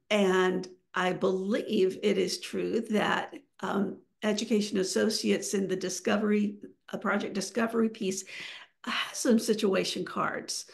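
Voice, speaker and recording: A woman's voice: medium pitch, gravelly. A woman giving a webinar presentation over a video call, talking with many fillers and restarts.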